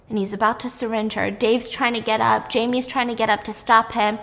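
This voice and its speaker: Animated young woman retelling a movie. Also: a little high, fairly quick, gravelly, few pauses, big-room sound. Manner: animated, swears casually. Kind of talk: casual film plot recap.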